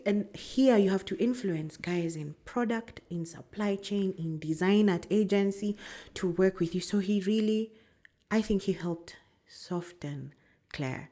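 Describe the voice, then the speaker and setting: A woman with a Kenyan accent, a brand strategist telling animated stories in an interview, laughing often and slipping into Swahili. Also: medium pitch, a little slow. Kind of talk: casual storytelling interview.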